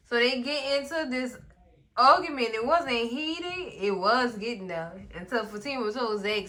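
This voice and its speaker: A woman in casual recap commentary, animated and sassy, often talking straight to the characters. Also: a little high, measured pace. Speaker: recap vlogger.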